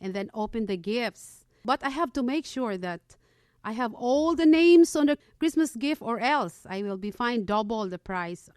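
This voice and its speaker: A woman's voice: a little high, lively intonation, moderate pace, darkish tone, clear, resonant tone, no room sound, clean studio sound. A woman from the Philippines co-hosting a community radio show, reading a prepared segment and listing items one by one. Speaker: radio co-host.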